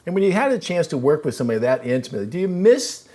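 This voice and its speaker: A man's voice: fairly high pitch, very animated, very fast, mellow. Guy hosting an interview show, casual chatty, lots of ums. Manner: casual and chatty, with fillers and restarts. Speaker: host.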